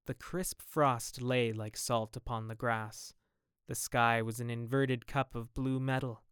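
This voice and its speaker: Clear and resonant, a man's medium-pitched voice reads a classic novel aloud, unhurried and with fairly even intonation. It's a dry, studio-quality audiobook of scripted narration in which he voices each character with raised, loud dialogue.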